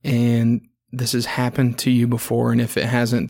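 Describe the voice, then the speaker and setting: A man's voice: mid-range voice, monotone, moderate pace, vocal fry, a little mellow. A man hosting a podcast, rambling through a crude personal story in a casual monologue full of swearing. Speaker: podcast host.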